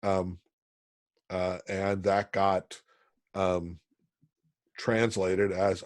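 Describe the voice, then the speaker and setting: A man from Pennsylvania teaching an online college class, talking in a halting way with many ums and restarts. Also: low voice, level tone, dry recording, studio quality. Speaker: college instructor.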